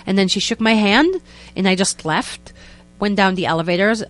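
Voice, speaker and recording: A young woman, a guest telling a story in a lively, casual way and acting out what people said. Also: medium pitch, normal speed. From Israel. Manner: animated, acts out quotes in other voices, many "like" fillers.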